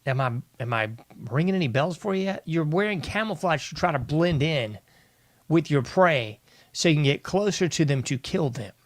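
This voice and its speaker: A man's voice: on the high side, lively intonation, normal speed, no echo. A male host giving an exasperated, ranting political commentary monologue, often addressing his listeners as "folks".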